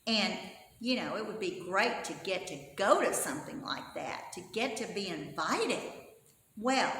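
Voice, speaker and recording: A woman Sunday school teacher telling a Bible story to children in an animated, expressive way and asking her listeners questions. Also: medium pitch. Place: church. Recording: echoey church hall, faint hum.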